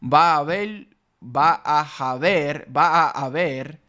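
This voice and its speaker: A man's voice: fairly high pitch, takes it slowly, sharp tone. Chatty man teaching Spanish pronunciation. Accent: Caribbean Spanish, Puerto Rican with Dominican cadence. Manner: chatty, switches between English and Spanish, demonstrating pronunciation. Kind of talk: casual language lesson.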